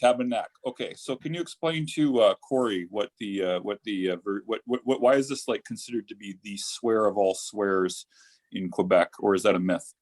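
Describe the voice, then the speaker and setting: A man's voice: lowish voice, moderate pace, a little mellow. A man co-hosting a podcast, asking questions in a playful, bantering way during a casual interview. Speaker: podcast co-host.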